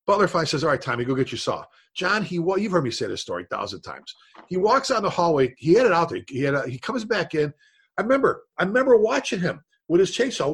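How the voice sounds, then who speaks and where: Husky man telling a firehouse story. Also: on the high side. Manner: animated storyteller, acts out voices and saw noises. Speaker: firefighter and instructor. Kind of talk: storytelling in casual chat.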